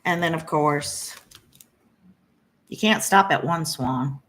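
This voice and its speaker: A woman's voice: low voice, slow, a bit bright. A middle-aged woman, chatting casually and gushing as she shows off her cross-stitch haul. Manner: chatty and gushing, many fillers. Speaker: flosstube host. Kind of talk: casual chat showing cross-stitch purchases.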